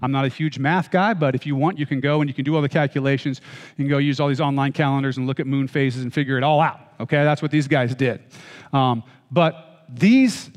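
A man's voice: medium pitch, a little fast. A man preaching a sermon, reading scripture and then explaining it in a conversational way with joking asides to the congregation. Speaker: pastor. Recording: long hall reverb.

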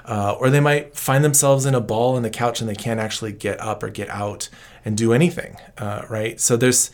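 Calm, explanatory man giving counsel. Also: medium pitch, moderate pace. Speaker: trauma counselor guest. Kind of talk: interview answers.

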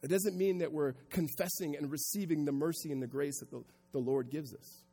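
A male pastor preaching a sermon to a congregation, moving from quiet reflection into loud, emphatic passages. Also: a little high, fairly quick, husky, in a large hall. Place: church hall with congregation.

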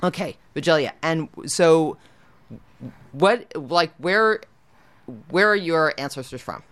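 A man's voice: fairly high pitch, lively intonation, slow, a bit bright, clean tone. A man hosting a casual radio show in a studio, rambling and correcting himself as he talks. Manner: rambling, self-correcting, chatty. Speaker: radio DJ and host.

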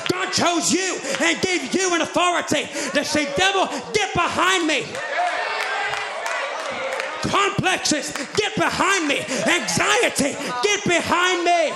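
High-pitched shouting preacher, gravelly. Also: male voice, heavy background noise. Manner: fervent, shouting, repeats phrases in rhythmic refrains. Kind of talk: shouted sermon. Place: church sanctuary with congregation. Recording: echoey church hall with crowd.

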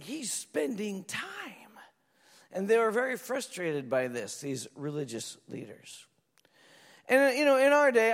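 A man preaching a sermon as pastor, telling stories in an animated way and acting out voices. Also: high voice. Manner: animated storytelling, acts out voices. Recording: reverberant hall.

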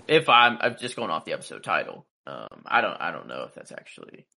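A man's voice: extremely low pitch, very animated, a little fast, vocal fry, sharp tone. A man co-hosting a casual show recap chat, with hesitant fillers.

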